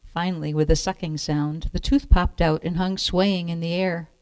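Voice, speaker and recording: A woman calmly reading a children's picture book aloud as storyteller. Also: lowish voice, normal speed, clear, resonant tone, no room sound.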